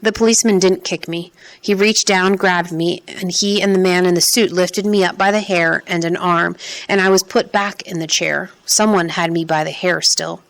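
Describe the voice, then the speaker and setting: Lower-pitched woman narrating steadily. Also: fairly even intonation, moderate pace, gravelly. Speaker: audiobook narrator. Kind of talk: first-person scripted narration.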